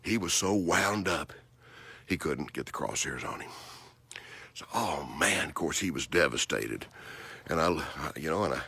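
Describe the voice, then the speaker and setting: A man hosting a hunting show, telling a story in an animated, emphatic way with frequent restarts. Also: extremely low pitch, normal speed, gravelly, pauses often, husky, no room sound. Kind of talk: storytelling monologue.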